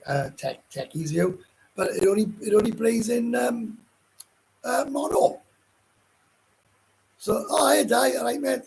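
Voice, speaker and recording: A Welsh man with a gruff voice, hosting a casual live chat and answering viewer comments in a rambling, blunt way with frequent swearing. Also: high-pitched, a little mellow, a little hiss or hum, poor audio. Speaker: livestream host.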